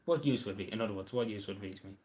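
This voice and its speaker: A man's voice: lowish voice, rapid-fire, darkish tone. An Irish man chatting casually on a livestream, answering viewers' messages in a rambling, hesitant way with lots of ums and restarts.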